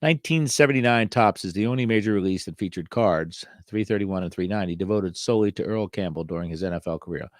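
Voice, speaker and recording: A man's voice: low-pitched, fast talker, hardly any pauses, no room sound, clean studio sound. A middle-aged man hosting a sports card show, reviewing old cards in a casual, wry way with many fillers and joking asides.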